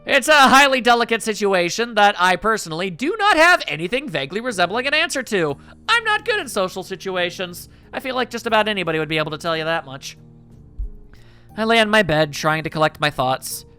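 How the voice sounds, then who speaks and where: Let's play host narrating a visual novel, bright slightly high voice, soft guitar underneath. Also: male voice, smooth. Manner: reflective first-person narration. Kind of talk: reading a visual novel aloud.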